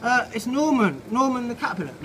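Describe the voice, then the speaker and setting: A man's voice: extremely high pitch, big pitch swings, fast, voice pushed up, full character voice. Man doing a timid female caterpillar. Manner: timid and polite. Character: anxious lovesick female caterpillar. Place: outside a pub. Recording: loud outdoor background noise.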